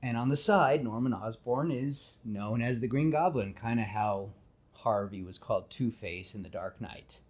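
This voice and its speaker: A man hosting a casual podcast, talking in an animated, self-deprecating way and slipping into quick character voices. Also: mid-range voice. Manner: self-deprecating, admits nervousness. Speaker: podcast host. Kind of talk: casual podcast chat retelling a film.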